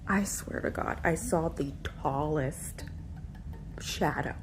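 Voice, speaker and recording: A woman with a low, gravelly voice retells a scary experience, tense and unsettled. A faint hiss of noise sits under her words. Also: slow pace. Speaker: storyteller in a clip. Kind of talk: casual storytelling.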